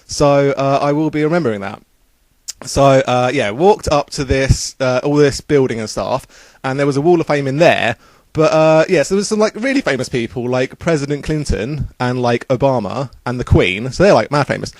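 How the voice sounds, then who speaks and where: A man's voice: medium pitch, moderate pace, no echo. A young man casually recounting a trip in a rambling, upbeat way, full of fillers. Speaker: vlogger. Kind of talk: casual travel vlog.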